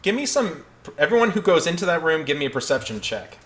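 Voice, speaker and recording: A man narrating a tabletop game as game master, hesitant with many pauses and restarts. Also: fairly high pitch, very animated, fairly bright tone.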